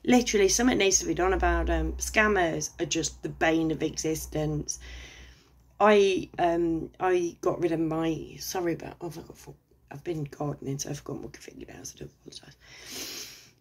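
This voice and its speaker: Husky, low-voiced sweary English woman. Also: fairly even intonation, moderate pace. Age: middle-aged. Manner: sweary, sarcastic, rambling. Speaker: vlogger. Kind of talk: casual rant to camera.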